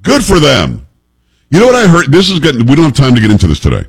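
A male talk radio host with a slightly husky voice. His pitch swings widely as he jokes and riffs with his co-hosts, and he keeps it loose and animated. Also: fast, rough recording. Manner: animated, jokey, pitch jumps for emphasis. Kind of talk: casual talk radio banter.

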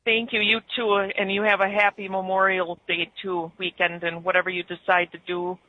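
A woman's voice: medium pitch, flat delivery, moderate pace, dry recording. A rambling, talkative woman with a broad Upper Midwest accent, calling in to a radio show. Her line sounds dull and muffled, and it's dry, with no room around her. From Wisconsin. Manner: chatty, rambling with restarts. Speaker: caller. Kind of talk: casual call-in chat.

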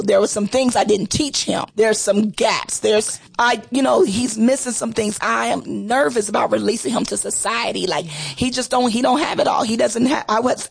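A woman's voice: a little high, gravelly, slightly rough. A middle-aged woman pastor giving an impassioned, emotional testimony, sometimes slipping into a sing-song preaching cadence. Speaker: pastor and guest.

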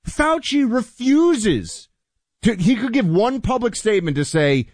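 A man co-hosting a political talk show, indignantly ranting and rising to shouts. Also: high-pitched, big pitch swings, a little slow, no echo. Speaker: co-host. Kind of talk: political talk radio commentary.

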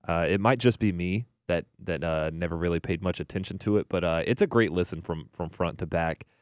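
Man, young, very deep voice, radio DJ, relaxed rambling chat, dry studio mic. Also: a little fast, smooth, dry recording. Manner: relaxed, rambling, filler-heavy.

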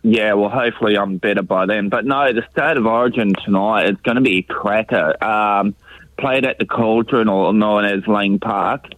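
A man with a blocked nose from a cold, calling a radio show and talking in an easygoing, halting way. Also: lowish voice, a bit bright, no echo, low-quality recording. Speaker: caller. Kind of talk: casual phone-in chat.

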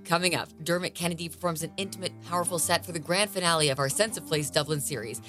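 A woman hosting a radio music show, reading a scripted introduction in a bright, measured way. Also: on the low side. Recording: music bed behind the voice.

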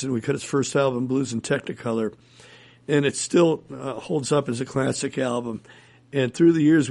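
Gravelly guy musician rambling through old band stories, chuckles a lot. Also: mid-range voice. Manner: rambling anecdotal, chuckles often. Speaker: musician guest. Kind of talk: casual interview storytelling.

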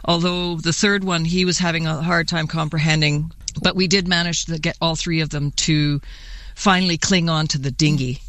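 A woman being interviewed for the news, recounting events in a halting way with many restarts. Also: sits low, steady tone, a bit bright, no room sound. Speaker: interviewee, sailboat rescuer.

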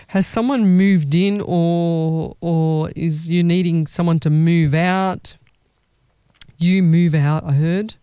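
A psychic medium talks through a live reading in a loose, chatty way, circling back and restarting phrases as impressions come. The voice is mellow and warm. It sounds close and dry, with no room around it. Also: mid-range voice, clean tone, dry recording. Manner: chatty, rambling, restarts sentences.

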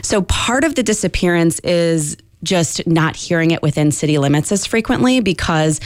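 A woman linguistics professor answering radio interview questions in a clear, measured, explanatory way. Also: fairly low pitch, animated, no echo, studio quality.

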